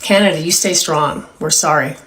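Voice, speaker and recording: A woman's voice: low voice, normal speed, a bit bright. A woman from California speaking in a heated, apologetic monologue about politics. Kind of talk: vlog-style monologue.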